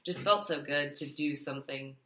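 A woman's voice: low-pitched, normal speed, a crowd in the background. A woman from Arkansas who is an actress, chatting earnestly on a podcast and telling an anecdote, with plenty of "like" in her speech. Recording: roomy echo.

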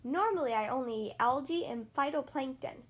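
A woman's voice: sits high, moderate pace. Woman doing a shy prim tiny mermaid.

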